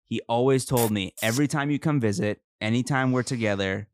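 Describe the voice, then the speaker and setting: A man's voice: mid-range voice, fairly quick. A man guesting on a podcast, telling a rambling travel story with sidetracks and frequent laughs. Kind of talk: casual storytelling.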